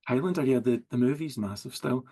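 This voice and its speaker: A Scottish writer in a relaxed video-call interview, easygoing and often chuckling as he talks. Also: mid-range voice, brisk, creaky, husky. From Scotland. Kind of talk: casual interview chat.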